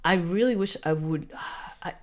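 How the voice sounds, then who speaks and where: A woman's voice: lowish voice, normal speed. A Canadian woman in her forties telling a personal travel story to camera in an emotional, repetitive, heartfelt way. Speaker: vlogger. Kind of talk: storytime monologue.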